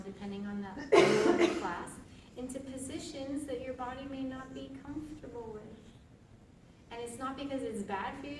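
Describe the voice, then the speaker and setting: A woman leading a laughter yoga class, playful, laughing often and chanting gibberish sounds. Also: on the high side. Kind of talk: live group demonstration. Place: large room with an audience. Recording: echoey room from far off, noisy.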